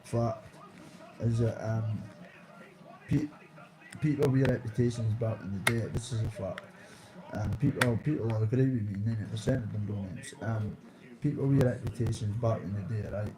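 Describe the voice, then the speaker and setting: A man's voice: fairly low pitch, moderate pace, crowd noise, rough recording. A man in his thirties with a Dundee Scottish accent, rambling through casual street stories in slang with swearing. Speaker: vlogger.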